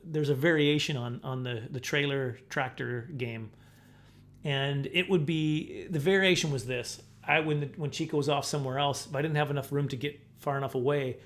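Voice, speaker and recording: Comedic male storyteller, casual and self-deprecating, slightly high voice, slips into quoted voices. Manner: rambling, self-mocking, acts out quoted voices. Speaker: comedian telling a personal story.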